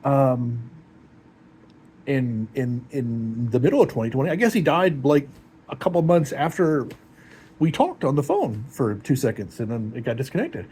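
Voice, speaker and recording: A heartbroken man talking in a rambling, halting, emotional way in a personal confessional vlog. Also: medium pitch, animated, warm tone, slightly rough.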